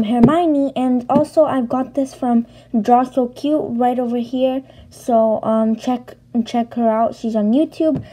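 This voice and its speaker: A woman's voice: high-pitched, warm tone. Chatty, self-deprecating woman drawing tutorial host.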